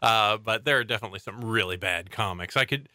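A man's voice: on the low side, fast talker, pushed and bright, no echo, clean studio sound. A young adult man hosting a casual podcast, enthusiastically reading out show facts between jokes. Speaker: podcast host. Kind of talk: casual chat.

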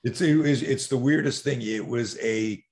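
A man's voice: medium pitch, moderate pace, a little mellow. A man from Canada, a guest who coaches people on fear, telling stories in a rambling, profane way with many restarts. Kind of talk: casual interview storytelling.

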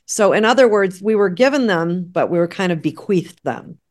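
A woman in casual conversation, telling a personal story in an animated way and acting out the dialogue. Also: on the low side, normal speed. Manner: animated, acts out quoted dialogue. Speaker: guest sharing a story.

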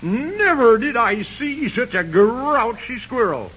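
Fussy old Man in the Moon, high sputtering voice that swoops a lot, slow, old muffled radio play sound. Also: big pitch swings, fairly bright tone, breathy edge, heavily acted. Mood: flustered. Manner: sputtering exclamations, quick to anger. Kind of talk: 1930s radio drama acting. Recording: muffled old radio recording, faint hiss.

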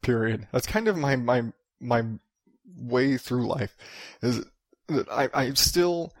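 A man in his thirties rants and rambles on his own podcast, swearing freely. His voice sits in a middling pitch with a rough, gravelly edge. The sound is dry and close, with no room around it. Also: expressive, slow pace, no room sound. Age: 30s. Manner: profane, rambling, ranting. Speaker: podcast host. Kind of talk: solo podcast rant.

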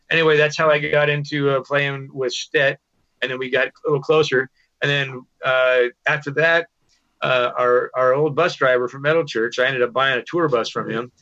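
A man's voice: medium pitch, level tone, fairly quick, bright, forceful tone. A male musician guest telling stories in a loose, rambling way, full of restarts and "you know". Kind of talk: casual storytelling interview. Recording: dull lo-fi sound.

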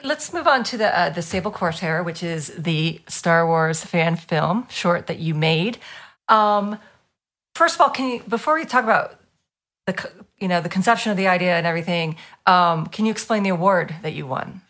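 Lower-pitched woman as an encouraging interview host. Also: lively intonation, a bit bright. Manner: encouraging, interjecting with quick responses. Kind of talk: casual interview.

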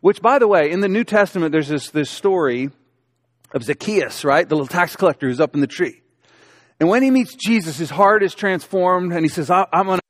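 Conversational man preaching, higher voice. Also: dry recording, studio quality. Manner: storytelling, conversational with humor. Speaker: pastor. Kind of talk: sermon.

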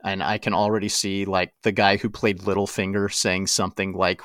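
Deep-voiced man in casual podcast chat. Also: flat delivery, fairly bright tone, no room sound, clean studio sound. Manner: playful, speculative, quick to laugh. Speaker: podcast co-host.

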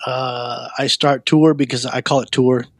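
A man's voice: unhurried, no echo. Middle-aged man telling a rambling life story. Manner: animated, acts out quoted voices with a raised pitch; rambling, with frequent fillers and restarts. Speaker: guest sharing his life story. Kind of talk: personal storytelling.

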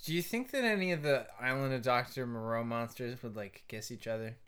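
A man's voice: mid-range voice, brisk, a bit bright, smooth. A man co-hosting a podcast, giggly and reacting with crude jokes. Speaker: podcast co-host. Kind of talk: casual chat.

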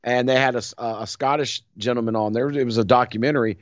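A man talks movies in a lively, joking way, often dropping into quick mock voices. His voice sits mid-range. The recording is dry and a little dull. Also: mid-range voice, dry recording. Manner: animated, slips into mock voices and laughs. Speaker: podcast co-host. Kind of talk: casual chat. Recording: dry, slightly dull audio.

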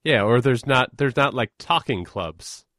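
A man co-hosting a casual chat, musing aloud in a halting way and often restarting his words. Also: mid-range voice, animated, fairly bright tone, dry recording, studio quality.

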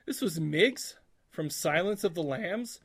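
Laughing, high-voiced man joking around. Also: a little slow, slightly rough. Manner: laughs often, jokey and animated. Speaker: podcast co-host. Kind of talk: casual chat.

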